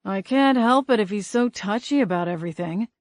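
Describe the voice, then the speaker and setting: A fussy old ghost of an English gentleman, prim and courtly in his speech, heard in an audiobook, as a woman narrator puts him on. The voice sits in a dry, close space with no room sound. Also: medium pitch, animated, fairly quick, dry recording, natural voice. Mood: indignant.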